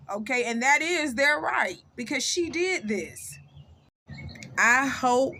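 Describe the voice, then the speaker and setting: Outspoken bright-voiced woman commentator. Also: fairly high pitch, a little hiss or hum. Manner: outspoken, emphatic and blunt, repeats lines for emphasis. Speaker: commentary channel host. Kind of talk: casual true-crime commentary.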